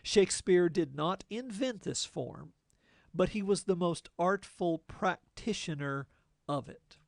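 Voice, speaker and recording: A man lecturing like a teacher, slow and measured, his voice carrying a gravelly, creaky edge. He explains things step by step in a plain-spoken way and drops in the odd folksy aside. The sound is close and dry, with no room around it. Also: sits high, lively intonation, no echo. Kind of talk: lecture explaining poetic form.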